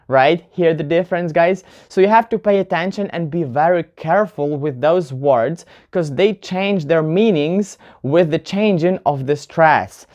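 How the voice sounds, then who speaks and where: A man teaching a casual English pronunciation lesson, chatty, often calling his viewers "guys" and repeating example words slowly. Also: a little high, darkish tone.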